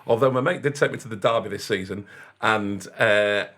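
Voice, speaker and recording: A man's voice: fairly low pitch, fairly quick. A man, a DJ and comedian, telling stories in casual chat and laughing through them. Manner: laughs through his stories, acts out quoted people loudly. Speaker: podcast guest, DJ and comedian.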